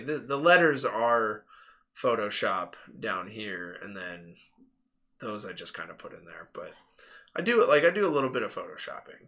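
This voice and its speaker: A man's voice: mid-range voice, pushed and bright. A man hosting a live stream, chatting casually and rambling through anecdotes with lots of fillers and laughter. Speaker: stream host.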